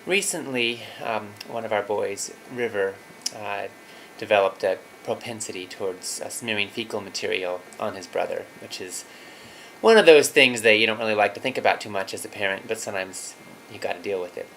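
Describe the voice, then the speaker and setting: A man's voice: on the low side, normal speed, creaky, fairly bright tone, slight background noise, rough recording. A man in his thirties telling a personal story as a father, earnest and reflective, with some fillers.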